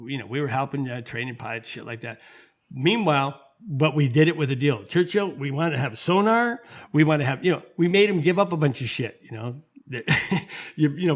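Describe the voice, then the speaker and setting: A man hosting a podcast, ranting in a heated, profane way and often restarting his sentences. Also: a little high. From United States. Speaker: podcast host. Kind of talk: casual political rant.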